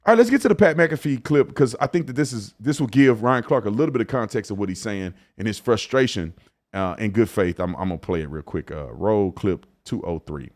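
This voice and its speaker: A man hosting a casual commentary show, talking in an animated, slangy way that climbs to excited emphasis. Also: on the low side, a little fast.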